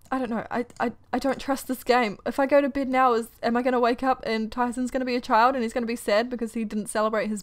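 A young woman rants her way through a casual let's-play commentary, her voice sitting a little high. She sounds exasperated and grumbling, with frequent quick laughs between complaints. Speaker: gaming YouTuber.

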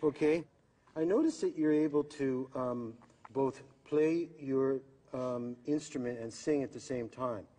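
An actor playing a dim-witted, know-it-all brother in an improvised sketch, with a nasal drawl ending lines with "eh". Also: male voice, medium pitch, unhurried, warm tone, lightly acted. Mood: goofy. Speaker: sketch comedy co-host. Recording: echoey room with long reverb.

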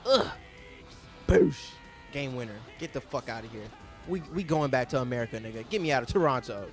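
A young man streaming live, reacting to basketball highlights with loud outbursts and slang, talking at the players on screen. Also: lively intonation, brisk. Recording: faint music behind the voice.

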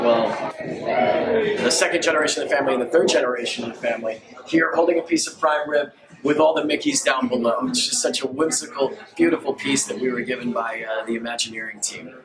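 A man's voice: mid-range voice, fairly even intonation, a crowd in the background, rough recording. A man leading a walking tour of a restaurant, presenting its history in a friendly way with frequent fillers. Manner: friendly guide, pauses with fillers.

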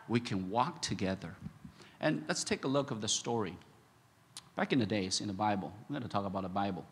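A man preaching a sermon as pastor, halting with many fillers and restarts, then bursting into animated emphasis. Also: fairly low pitch, slightly rough. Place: church sanctuary. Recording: echoey church hall.

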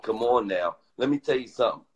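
A middle-aged man telling crude stories casually on a live stream, animated and profane, acting out both sides of his arguments. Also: mid-range voice, a little fast, muffled recording, a little hiss or hum.

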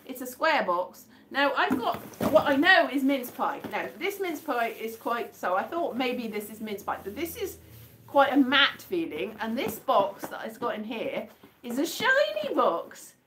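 A woman's voice: a little high, very animated, a little slow, background noise. A woman from the UK chatting casually in a vlog, rambling and amused with herself as she guesses mystery items by touch. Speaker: vlogger.

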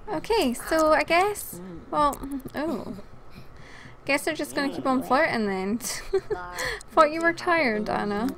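Here the gaming channel host's voice is high-pitched and gravelly, with lively intonation and a slow pace, against crowd noise. Sounding weary, she chats and giggles with the characters in her casual let's play.

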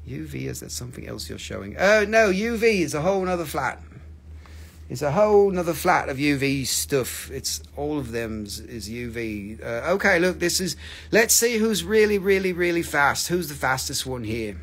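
A man's voice: fairly high pitch, sing-song, normal speed, gravelly, fairly bright tone. Playful man hosting a crystal sale. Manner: joking, playful, chatty with viewers. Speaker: host selling crystals on a livestream. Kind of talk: live sales stream chat.

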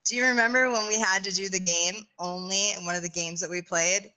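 A woman's voice: mid-range voice, fairly even intonation, brisk, bright, forceful tone, poor audio. A woman streaming a game, chatting casually with her teammates. She swears freely and laughs often. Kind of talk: casual gaming chat.

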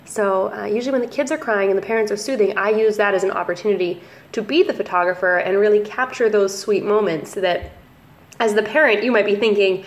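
A young woman, a family photographer chatting casually in a relaxed vlog, with plenty of ums and likes. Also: mid-range voice, a little fast. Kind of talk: casual talking-head vlog.

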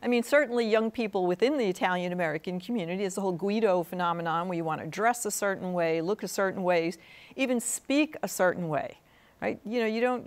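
A woman's voice: medium pitch, clear, resonant tone. A woman academic talking as a guest on a studio interview program. Her voice sits in the middle range. She argues her points earnestly and keeps asking "right?" to draw her listener in. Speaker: guest professor.

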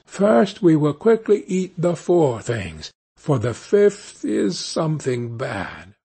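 Sly little peasant trickster for a storybook reading , voiced by a man: raised pitch, slightly husky, unhurried. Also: sing-song, warm tone, heavily acted.

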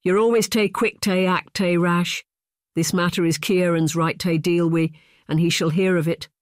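A stern old Highland chieftain with a Scottish accent, as a narrator puts him on. He is an old man past sixty who scolds his son in measured tones, read dry and close for an audiobook. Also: steady tone, no room sound, natural voice.

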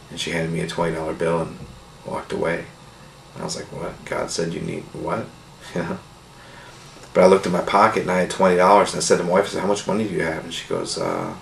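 A middle-aged man telling his healing testimony in a casual, earnest, rambling way, full of "you know" and soft laughs. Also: deep voice, gravelly. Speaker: testimony speaker. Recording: echoey room with faint noise.

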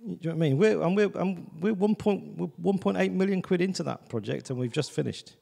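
A man's voice: high voice, quick pace, vocal fry, warm tone, long reverb tail. A man preaching a sermon in a church, in a chatty, conversational way, often asking "do you know what I mean". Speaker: visiting preacher.

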